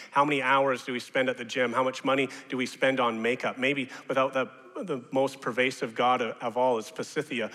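A man preaching a sermon as pastor, animated and rising now and then to loud mocking shouts. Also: mid-range voice. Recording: long reverb of a large hall.

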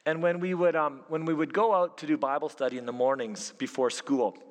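Animated high-voiced preacher in a reverberant hall. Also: male voice, brisk. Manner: animated, full of rhetorical questions. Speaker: youth pastor. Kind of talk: sermon.

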